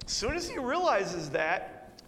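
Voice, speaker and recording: A man preaching verse by verse through a Bible passage, animated and acting out the quoted characters as he teaches. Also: a little slow, long reverb tail, slight background noise. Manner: animated, acts out quoted characters with shifts in pitch.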